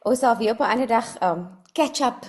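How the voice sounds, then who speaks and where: South african woman cohosting a chat show, bit high voice, mixes in afrikaans, easygoing. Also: quick pace, a little mellow. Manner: switches between English and Afrikaans, chatty. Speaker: podcast co-host. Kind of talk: casual chat.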